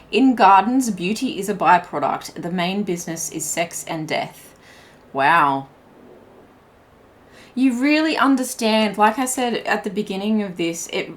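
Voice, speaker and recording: Chatty low-voiced woman reading tarot. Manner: chatty, meandering, lots of "like" and restarts. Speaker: tarot reader. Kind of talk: pick-a-card tarot reading.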